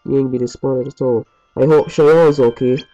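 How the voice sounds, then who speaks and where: A man's voice: mid-range voice, steady tone, normal speed, dark tone. A man giving rambling, chatty gameplay commentary as a let's play host from his home basement, with mild swearing. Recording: muffled lo-fi recording over game music.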